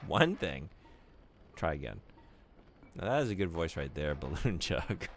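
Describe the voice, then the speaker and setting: A man's voice: extremely low pitch, expressive, a little slow, slight background noise. A young man streaming a game, joking and teasing his viewers in casual chat.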